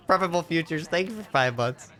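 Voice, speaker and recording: A man's voice: a little high, animated, moderate pace, pushed and bright. A man chatting on a live gaming stream, telling a long joke with lots of stammered restarts. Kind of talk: casual live-stream chat while gaming.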